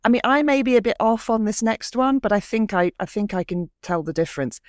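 A woman's voice: fairly high pitch, brisk, no room sound, studio quality. A woman hosting a casual chat, playfully quizzing her guest with lots of hesitant fillers.

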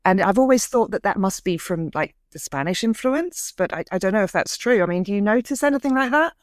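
A woman's voice: mid-range voice, lively intonation, fairly quick, no echo, studio quality. A woman hosting a podcast, asking curious, hesitant questions with many fillers. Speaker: podcast host. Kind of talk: conversational interview.

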